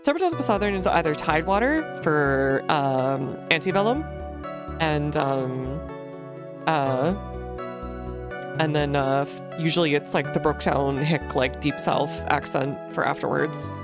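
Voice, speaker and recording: A woman's voice: deep voice, expressive, a little slow. A woman from New Jersey chatting casually while streaming a game, rambling with lots of "like" and "uh". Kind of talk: casual gaming commentary. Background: game music.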